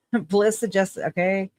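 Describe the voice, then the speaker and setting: A woman's voice: medium pitch, fairly even intonation, slow, a little mellow, dry recording, clean studio sound. A woman host with a Southern twang, reading news articles aloud and breaking off into sarcastic asides. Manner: sarcastic asides, reads with stumbles.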